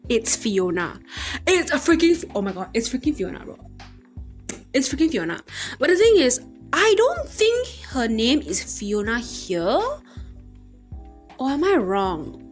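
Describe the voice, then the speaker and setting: A young woman recapping movies from memory in a rambling, animated way full of fillers. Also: a little high, unhurried, soft background music. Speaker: vlogger.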